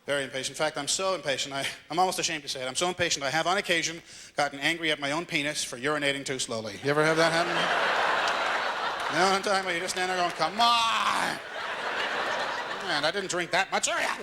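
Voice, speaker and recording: Ranting stand-up comedian. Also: male voice, on the high side, rapid-fire, very noisy. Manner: ranting, impatient, acts out exasperated characters. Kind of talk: stand-up set. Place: comedy club stage before a live audience. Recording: live stage recording with crowd laughter.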